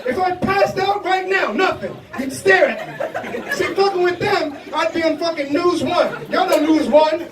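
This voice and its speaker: Young man, stand-up comic, very high voice, echoey club heard from back, crowd noise. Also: a little slow. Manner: loose and profane, laughing at his own jokes. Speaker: stand-up comedian. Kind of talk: stand-up set. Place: comedy club stage. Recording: echoey club room from a distance, audience noise. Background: crowd laughter and reactions.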